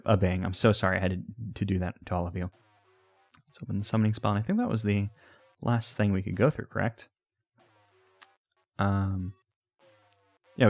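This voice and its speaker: A man's voice: sits low, darkish tone, dry recording. A man hosting a let's play, rambling and hesitant as he talks to the game's pets. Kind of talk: casual game commentary.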